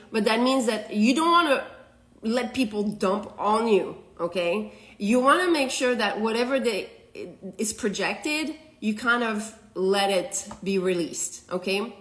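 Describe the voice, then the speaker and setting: Woman, tarot reader, live reading, slow-paced, laughs often, keeps saying okay, rambling. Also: medium pitch, fairly bright tone. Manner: loose, rambling delivery with restarts.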